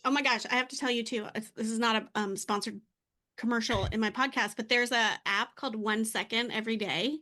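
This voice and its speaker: Woman host, 30s, high voice, casual chatty podcast talk with an emotional edge. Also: steady tone, a little fast. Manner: warm-hearted, emotional, chatty. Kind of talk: casual conversational interview.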